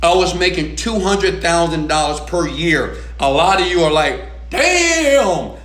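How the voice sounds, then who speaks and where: A man giving a motivational rant, loud and profane, swinging between shouting and soft talk. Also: a little high, fairly even intonation, normal speed, echoey room. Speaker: motivational speaker.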